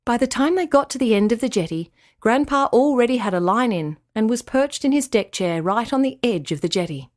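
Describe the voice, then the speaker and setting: A woman narrating a children's storybook in a gentle, expressive read-aloud manner. Her voice sits a little higher than most women's. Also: brisk, hardly any pauses.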